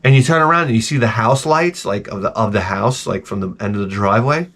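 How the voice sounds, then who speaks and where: A man's voice: fairly low pitch, fast talker, fairly bright tone. A man hosting a video, telling stories in a casual, profane, exasperated rant and jumping into exaggerated voices. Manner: acts out voices in exaggerated bursts. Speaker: video host. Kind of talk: casual ranting monologue.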